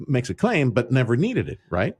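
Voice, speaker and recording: A man's voice: medium pitch, wildly swooping pitch, moderate pace, slightly rough, no echo. A man hosting a morning radio show, chatting casually with a guest, repeating key points for listeners and tossing in jokey asides. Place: radio studio.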